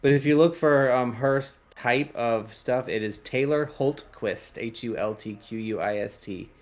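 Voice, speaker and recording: A man hosting a podcast, casually showing tarot decks in a rambling, hesitant way with many pauses and fillers. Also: mid-range voice. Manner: rambling, hesitant, lots of ums. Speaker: podcast host reading tarot. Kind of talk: casual chat.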